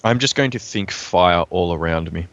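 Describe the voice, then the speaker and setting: Man, tabletop player, very deep voice, joking. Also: moderate pace, a bit bright, no room sound, dull audio. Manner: joking, laughs often. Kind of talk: casual tabletop game play.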